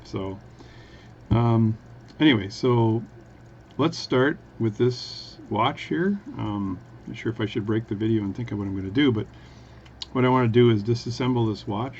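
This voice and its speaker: A man's voice: mid-range voice, normal speed, darkish tone, lo-fi sound, a little hiss or hum. A man chatting casually and rambling with jokes while he works on a watch. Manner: rambling, self-interrupting, jokey. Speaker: watchmaker vlogger. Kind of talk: casual workbench talk.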